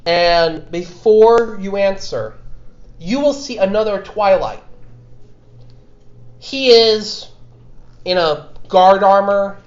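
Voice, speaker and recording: A man running a tabletop game as game master, narrating in a halting, self-correcting way. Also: sits high. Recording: dull, echoey room.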